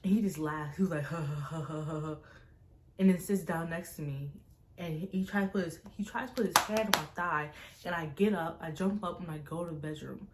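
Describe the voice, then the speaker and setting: A young woman, a vlogger, recounting a personal story to camera in an animated, tense way, full of fillers. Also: fairly low pitch, fairly quick, a little hiss or hum. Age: young adult. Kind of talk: casual storytime vlog.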